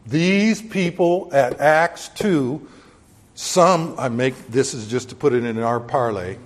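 A man delivers a Bible sermon in church, folksy and joking, punching key words with sudden emphasis. His mid-pitched voice rings out with a long hall reverb. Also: slow pace. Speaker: preacher.

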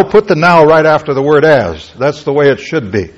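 A man's voice: a little high, sing-song, normal speed, hardly any pauses. A man preaching a Bible teaching sermon, explaining word meanings emphatically and asking rhetorical questions. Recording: lo-fi, dull-sounding recording.

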